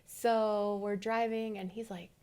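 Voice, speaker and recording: A woman in her thirties co-hosting a podcast, telling a story in a casual, animated way and acting out the dialogue. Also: medium pitch, takes it slowly, clear, resonant tone. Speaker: podcast co-host. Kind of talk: casual conversation.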